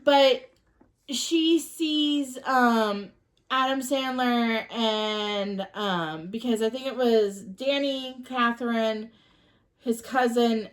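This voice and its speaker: A woman co-hosting a podcast, recapping a movie plot in a rambling, halting way full of ums. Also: fairly high pitch. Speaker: podcast co-host. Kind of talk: casual chat recapping a movie.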